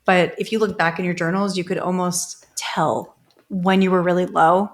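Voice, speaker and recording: A woman therapist co-hosting a casual podcast, thinking aloud in a relaxed and expressive way. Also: on the low side, normal speed. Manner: thoughtful, expressive, swears casually. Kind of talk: casual group podcast chat.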